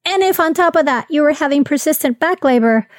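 A woman with a high, light voice hosts a podcast interview. She responds with empathy and explains things in a measured, clear way. The sound is dry and close to the mic. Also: animated, no room sound. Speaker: podcast host.

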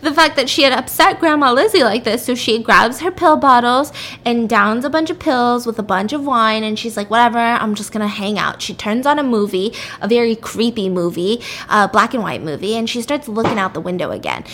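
A woman's voice: a little high, animated, a little fast, a bit bright. A woman casually retelling a story, chatty, with lots of "like" and "you know".

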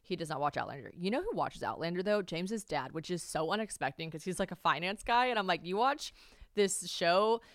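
A woman's voice: lowish voice, very animated, quick pace, few pauses, no room sound, clean studio sound. A young woman hosting a podcast, chatting casually and animatedly, swearing freely. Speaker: podcast host. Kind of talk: casual chat.

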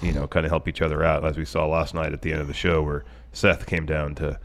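Very deep-voiced, congested man. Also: flat delivery, fast talker, fairly bright tone. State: congested from a cold. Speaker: podcast co-host. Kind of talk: casual wrestling chat.

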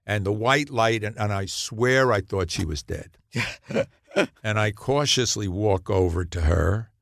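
A man in his eighties, a podcast guest, telling anecdotes in an animated way and laughing at his own punchlines. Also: fairly low pitch, no echo, studio quality. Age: 80s. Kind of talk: storytelling in a podcast interview.

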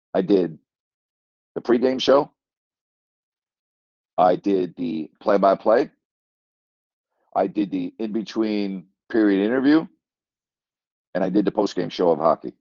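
An older male sports broadcaster tells a story in a loose, rambling way, circling back on his phrases and chuckling as he goes. His voice sits low, and the sound is dry and a little dull, like a lo-fi recording. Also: darkish tone, no room sound. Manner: rambling, repeats phrases, chuckles mid-sentence. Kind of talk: casual storytelling monologue.

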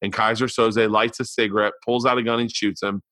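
A man in his forties, a comedian hosting his podcast, telling stories in a profane, animated, exasperated way and reading an ad. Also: lowish voice, a little fast, dry recording. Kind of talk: casual storytelling and ad read.

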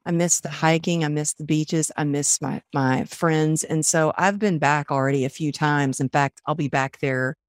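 A woman's voice: low voice, moderate pace, hardly any pauses, no echo, studio quality. A middle-aged woman from Texas, telling stories in a casual interview and acting out what people said. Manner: animated storyteller, acts out quotes. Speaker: podcast guest, author and coach.

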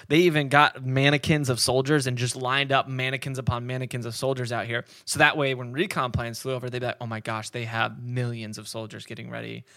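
A man's voice: medium pitch, fairly bright tone, dry recording, clean studio sound. A man hosting a podcast, telling a history story in casual chat, rambling with many fillers and frequent laughs.

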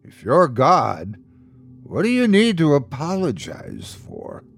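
A man's voice: a little high, huge pitch swings, slow, creaky, husky, faint music behind, voice pushed up, full character voice. A man voicing a frightened priest who whispers unsteadily while hearing a strange confession. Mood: wary. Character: shaken, scared male priest hearing confession.

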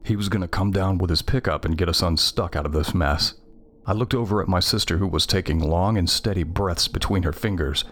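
A man's voice: low-pitched, fairly quick, fairly bright tone, a little hiss or hum. A man narrating a first-person horror story in a tense, scripted reading.

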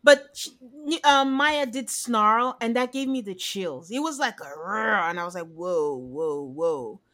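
A woman's voice: a little high, moderate pace, a bit bright. A woman chatting casually as a podcast co-host, animatedly retelling scenes and acting out the quotes. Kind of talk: casual recap chat.

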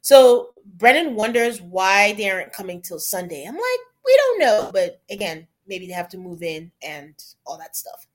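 A woman's voice: on the low side, normal speed, few pauses. A woman co-hosting a podcast, chatting casually and animatedly about a reality show and quoting the cast in playful voices. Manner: chatty, quotes people in put-on voices. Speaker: podcast co-host. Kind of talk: casual recap chat.

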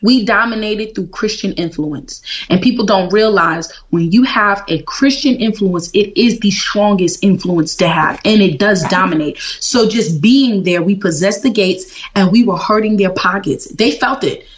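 A woman's voice: medium pitch, measured pace, few pauses. Woman guest telling a story, fired up and preachy, muffled kinda dull audio. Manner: emphatic, lively preacher-like delivery with big swings. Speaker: guest, activist. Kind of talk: animated storytelling in an interview.

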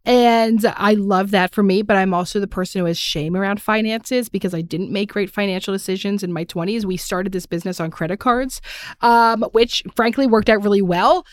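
A woman's voice: medium pitch, normal speed, no room sound, studio quality. A woman hosting a conversational podcast, talking frankly and self-deprecatingly about her own experience, often acting out quoted voices. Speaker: podcast host. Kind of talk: candid conversational chat.

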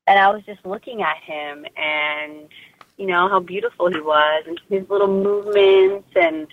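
A woman's voice: lowish voice, normal speed, faint music behind. Chatty woman on a tinny phone line. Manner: chatty, heartfelt, lots of "you know" and "like". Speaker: guest mother sharing birth story. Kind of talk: casual interview over phone.

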